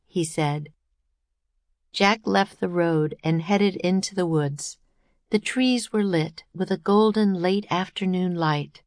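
A woman, the author, reading her own children's book aloud in a gentle, expressive storytelling manner. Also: on the low side, slow pace, no echo, studio quality. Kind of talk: children's audiobook narration.

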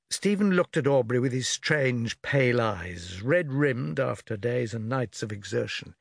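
A man reading a novel aloud as an audiobook, in a measured, expressive storytelling manner. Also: medium pitch, gravelly, dry recording, studio quality. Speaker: audiobook reader. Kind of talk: scripted audiobook narration.

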